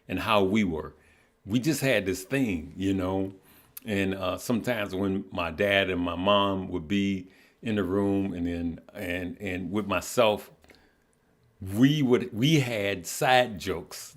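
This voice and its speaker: A middle-aged man with a fairly low voice hosts a casual livestream. He speaks earnestly and haltingly, repeating words as he talks to his viewers. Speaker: livestream host. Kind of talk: casual heartfelt livestream talk.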